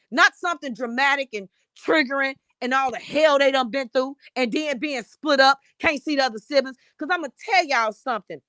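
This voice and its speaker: A woman's voice: sits high, pushed and bright, dry recording. Fiery, profane woman ranting. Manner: blunt, profane, fired-up ranting. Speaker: panelist. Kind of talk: heated live-stream commentary.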